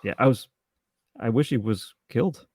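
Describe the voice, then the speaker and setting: A man co-hosting a podcast, chatting casually about a movie with halting restarts and dry jokes. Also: medium pitch, noisy background. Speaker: podcast co-host. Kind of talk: casual film review chat.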